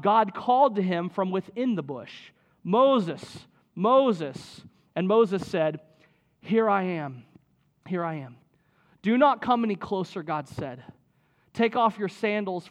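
A man preaching a sermon in a conversational way, often checking in with "right?" as he reads and explains scripture. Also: high-pitched. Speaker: pastor.

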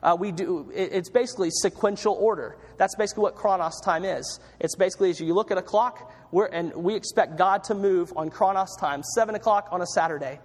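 A man's voice: sits high, a little fast, hardly any pauses, long reverb tail. A man preaching a sermon as pastor, in a conversational way, often restarting and repeating words.

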